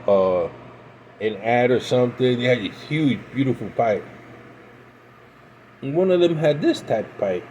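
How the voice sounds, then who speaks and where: A man's voice: mid-range voice, darkish tone, a little hiss or hum, low-quality recording. Rambling American man telling old stories. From United States. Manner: rambling, halting with restarts. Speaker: pipe-smoking vlogger. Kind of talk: casual storytelling.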